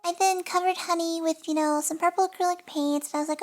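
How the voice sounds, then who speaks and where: Very high-pitched young woman chatting. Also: steady tone, fast talker, hardly any pauses, soft background music. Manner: chatty and apologetic, many fillers. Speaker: nail art vlogger. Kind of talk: casual voice-over narration. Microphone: desk mic.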